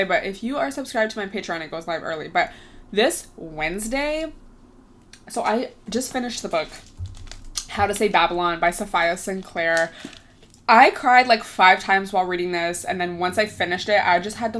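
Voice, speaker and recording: A woman's voice: medium pitch, fairly bright tone. A young woman in her twenties, hosting her own podcast, talking casually, laughing often and saying "like" a lot. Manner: chatty, lots of "like", laughs often. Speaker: podcast host. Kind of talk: casual solo chat.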